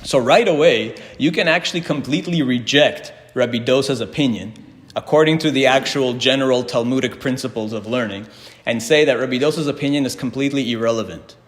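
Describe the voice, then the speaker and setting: A man's voice: mid-range voice, a little fast. A man teaching a Talmud class, reading Hebrew and Aramaic passages aloud and explaining each one in English while putting questions to his students. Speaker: Torah teacher. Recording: reverberant hall.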